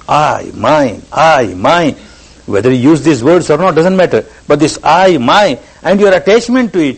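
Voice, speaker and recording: A man's voice: mid-range voice, lively intonation, moderate pace, husky, poor audio. A man giving a spiritual discourse as a meditation teacher. He stresses his points by repeating words and phrases.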